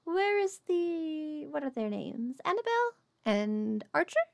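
A woman's voice: high-pitched, animated, measured pace, creaky, a little mellow, no echo, clean studio sound, voice pushed up, heavily acted. Woman voicing a poised, gracious fae queen. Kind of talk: tabletop role-play voicing.

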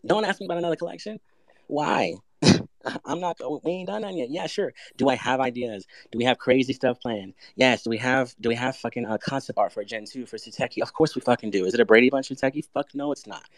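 A project founder, appearing as a podcast guest, tells his story at medium pitch and a fairly quick pace on a dry recording. He's brash, profane and emphatic, firing off rhetorical questions and often restarting with fillers and self-corrections.

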